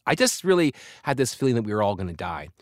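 A man's voice: medium pitch, big pitch swings, fast, dry recording, clean studio sound. An older man, a comedian and author, telling candid, reflective stories as an interview guest. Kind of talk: conversational interview.

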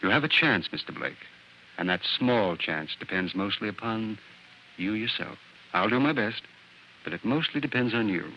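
A man playing a calm, evasive family doctor in an old radio drama, speaking in measured tones. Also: on the low side. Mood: grave. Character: grave, guarded male family doctor. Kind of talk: 1940s radio acting. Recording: old muffled radio broadcast, faint hiss.

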